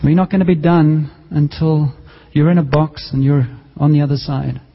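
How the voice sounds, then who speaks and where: Guy preaching a sermon, earnest and pleading, kinda high voice, long echo, dull sound. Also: flat delivery, moderate pace, slightly rough. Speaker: pastor. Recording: dull sound in a reverberant hall.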